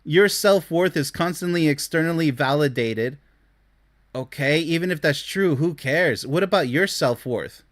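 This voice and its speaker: Lecturing his listeners as a relationship commentator, this man reacts to dating posts with blunt scorn. His voice sits on the high side and he takes his time.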